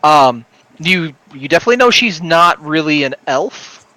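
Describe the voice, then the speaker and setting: A man narrating as dungeon master, halting and repeating himself with many fillers. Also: a little high, lively intonation, bright, forceful tone, no echo, rough recording. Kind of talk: narrating a tabletop game.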